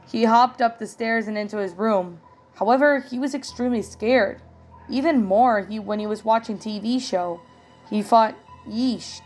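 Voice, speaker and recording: A woman narrating a horror story in a plain, earnest reading style. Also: medium pitch. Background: faint music.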